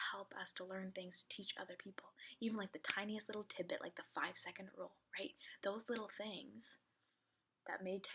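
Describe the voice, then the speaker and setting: A woman's voice: on the low side, pushed and bright, slight background noise. A woman giving a chatty, direct pep talk as a business coach. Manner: chatty, direct, encouraging, lots of "like". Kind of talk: casual motivational talk to camera.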